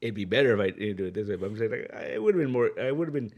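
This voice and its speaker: A man's voice: on the low side, expressive, rapid-fire, darkish tone. A man co-hosting a podcast, chatting loosely, laughing often and swearing casually. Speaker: podcast co-host. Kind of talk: casual chat.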